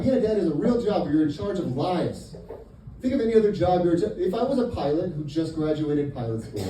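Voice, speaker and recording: A young man from Indiana doing a stand-up comedy set in a comedy club. He is punchy and exasperated, swinging between mutters and loud bursts. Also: fairly high pitch, expressive, fast talker. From Indiana, USA. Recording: roomy club, mic at a distance, audible noise.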